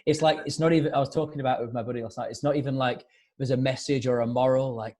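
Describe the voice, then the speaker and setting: A man's voice: mid-range voice, steady tone, darkish tone. A man chatting casually as a guest musician, rambling with many fillers. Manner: rapid, rambling, lots of "like" fillers. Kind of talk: casual video-call chat.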